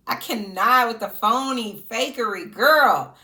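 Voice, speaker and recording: A sassy woman gives casual reaction commentary on reality TV. Her low-pitched voice swings widely and animatedly, and she breaks into laughter often. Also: big pitch swings, moderate pace, fairly bright tone.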